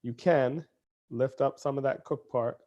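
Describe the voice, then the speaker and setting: A man's voice: mid-range voice, fairly even intonation, a little slow, warm tone, dull audio. A man hosting a cooking demonstration in a kitchen, talking in a playful, chatty way as he cooks. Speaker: cooking show chef.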